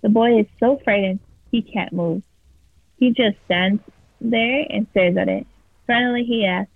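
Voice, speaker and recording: A woman's voice: mid-range voice, measured pace, vocal fry, breathy edge, no echo. A woman casually reading a scary story aloud as a podcast co-host. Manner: casual, swears freely. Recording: tinny phone-like sound.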